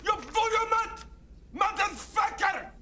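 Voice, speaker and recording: An actor playing a furious adult Russian poker boss with a Russian accent, yelling in a shrill, explosive voice from a film clip. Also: male voice, lively intonation, slow pace, background noise, full character voice. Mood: enraged. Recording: dull, quiet film clip played back.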